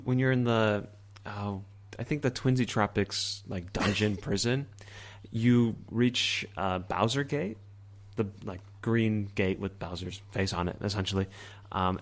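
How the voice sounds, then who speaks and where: A man co-hosting a casual podcast chat, relaxed and easygoing, chuckling as he tells stories. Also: lowish voice. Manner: relaxed, easygoing, hesitant fillers, chuckles while telling stories. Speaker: podcast co-host.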